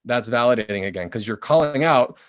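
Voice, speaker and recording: A man's voice: medium pitch, brisk, dry recording. Man explaining and acting out phrases. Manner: animated, acts out quoted phrases. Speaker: author and guest. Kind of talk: conversational explaining.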